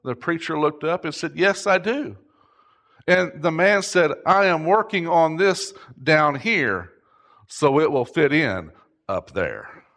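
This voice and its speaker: A middle-aged man preaching a sermon, impassioned, rising to shouts at its peaks. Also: fairly high pitch, animated, a little slow. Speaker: pastor.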